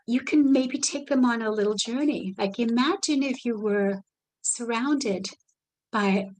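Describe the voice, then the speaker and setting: A woman with a somewhat high voice leads a live online workshop. She talks gently and soothingly, drifting into soft guided imagery as she teaches, and speaks from an indoor video call. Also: poor audio. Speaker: workshop presenter.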